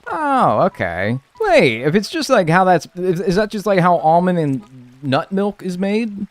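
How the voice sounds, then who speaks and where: A man's voice: sits high, very animated, a little slow, dry recording. A man streaming live, chatting casually and joking as he reads and answers his chat.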